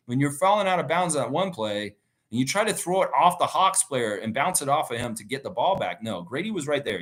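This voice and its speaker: During a relaxed live reaction stream, a man chats freely and reads out comments from the chat while wandering between thoughts. His voice is medium in pitch and a bit bright.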